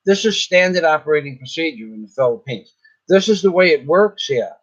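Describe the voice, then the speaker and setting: A man's voice: on the high side, expressive, brisk. Rambling indignant man, dull lo-fi audio. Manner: rambling, indignant, with frequent restarts. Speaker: vlogger. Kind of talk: casual storytelling vlog. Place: in the Philippines.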